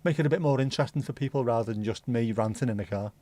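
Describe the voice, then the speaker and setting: A man's voice: medium pitch, very fast, dry recording. Sweary rambling man. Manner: answers chat comments out loud. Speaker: livestream host. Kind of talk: casual chat with a live audience.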